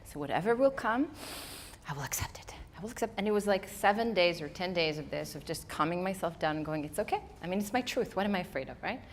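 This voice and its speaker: A woman who is not a native English speaker, giving a lively storytelling motivational talk to a live audience. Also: fairly low pitch, fast talker, few pauses, slight background noise. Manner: animated storytelling, acting out her own inner voice. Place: event hall before a live audience.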